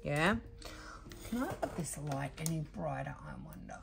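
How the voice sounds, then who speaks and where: A woman's voice: sits low, big pitch swings, normal speed, vocal fry, music in the background. A woman chatting casually while she does diamond painting, rambling with many fillers and restarts, and sounding emotional and worn out. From Australia. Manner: emotional, admits exhaustion. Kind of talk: casual chat while crafting. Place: home craft room.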